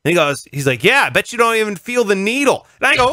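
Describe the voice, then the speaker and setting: A male radio host in casual conversation, telling a story in an animated way and acting out voices and sounds. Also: a little high, quick pace, few pauses, dry recording, studio quality. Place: radio studio.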